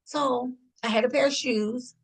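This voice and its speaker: A middle-aged woman from Washington D.C. talks shop as a stylist in a relaxed interview. She tells her stories with energy, laughs often and slips into the voices of the people she describes. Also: sits high, measured pace, vocal fry, slightly rough. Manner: animated, laughs often, acts out quoted voices. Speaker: hair and image stylist. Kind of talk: casual storytelling in an interview.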